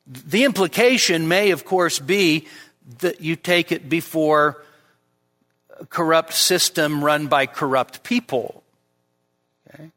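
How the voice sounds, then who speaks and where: A man's voice: on the high side, unhurried, fairly bright tone, long reverb tail. A male pastor giving an expository midweek sermon, teaching with emphasis and often restarting his words. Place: church hall.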